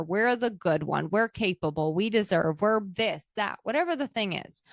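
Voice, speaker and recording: Woman podcaster being real and reflective, kinda emotional, mid pitch, dry close mic. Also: no room sound. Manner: candid, emotional, self-reflective. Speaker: podcast host. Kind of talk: reflective personal podcast talk.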